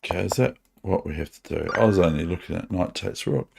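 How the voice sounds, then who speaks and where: A man with a New Zealand accent streaming online chess, muttering to himself as he plays and gently mocking his own moves. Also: low-pitched, expressive, quick pace, creaky, background noise. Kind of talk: live online chess commentary.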